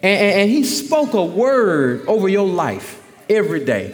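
Preacher, male, very high voice, emphatic repetition, long hall reverb. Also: very animated, normal speed, hardly any pauses. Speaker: pastor. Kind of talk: sermon.

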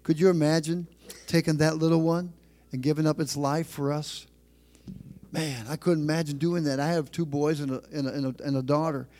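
A middle-aged man delivers a sermon from a church pulpit in a slightly raised voice. He preaches emphatically, circling back to repeated phrases and slowing down to stress key lines. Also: on the high side, flat delivery, darkish tone. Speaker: pastor.

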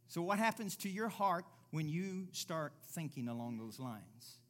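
Bright-voiced male preacher. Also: big pitch swings, measured pace, few pauses. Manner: preaching, building from low and quiet to loud and emphatic; reads scripture aloud and voices imagined listeners. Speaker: pastor. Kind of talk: sermon.

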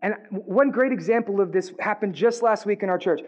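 A male pastor preaching a sermon in an animated, joking way, with frequent asides to the congregation. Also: sits high, a little fast, lo-fi sound.

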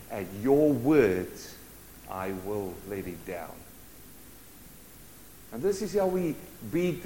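Guy preaching, kinda high voice, loud then hushed, big hall echo. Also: a little hiss or hum. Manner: swings from loud urgent bursts to hushed intimate tones. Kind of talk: sermon. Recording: long hall reverb.

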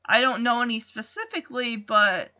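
A woman's voice: fairly high pitch, expressive, normal speed, sharp tone, dull audio. A woman hosting a casual recap, retelling a TV episode with chatty asides, tangents and self-corrections. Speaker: podcast host recapping a TV episode.

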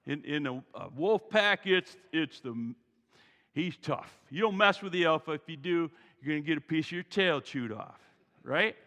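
Brief: male pastor, high bright voice, gravelly edge, folksy sermon in a reverberant hall. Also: moderate pace. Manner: animated, folksy, joking asides. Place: church sanctuary. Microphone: wearing a mic.

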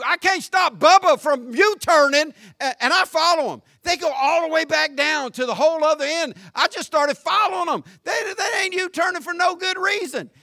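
High, bright-voiced preaching man. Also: no echo, clean studio sound. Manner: animated, swings from shouting to low and quiet; folksy, joking storyteller. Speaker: pastor. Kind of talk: conversational sermon.

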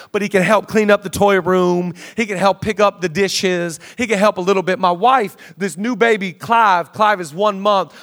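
A man's voice: high-pitched, a bit bright. A man, preaching a sermon as pastor in a casual, joking, storytelling way. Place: large church auditorium.

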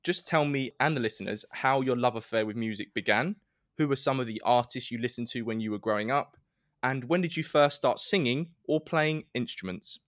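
A man's voice: medium pitch, a little fast, fairly bright tone, no echo, clean studio sound. A man hosting a music podcast, reading a scripted intro and then interviewing a guest in a friendly, chatty way. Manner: friendly, chatty, says "mate". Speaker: podcast host.

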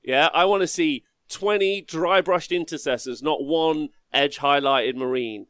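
A man's voice: a little high, a little slow, a bit bright, no echo, studio quality. A man co-hosting a casual hobby podcast, ranting brashly with lots of swearing. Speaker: podcast co-host.

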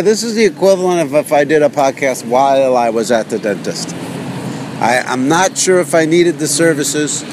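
A man hosting a solo podcast from his car, rambling in a sarcastic, self-mocking rant. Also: a little high. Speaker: podcast host. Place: in a car while driving. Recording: car with road noise behind.

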